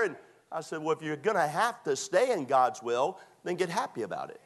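A man, preaching a sermon that moves between lively scripture reading and folksy storytelling. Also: a little high, fast.

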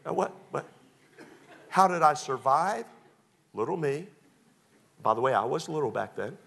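A man preaching a sermon, telling stories with big swings from loud to hushed. His voice is husky and gravelly, and his pitch moves widely. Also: animated, unhurried. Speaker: pastor.

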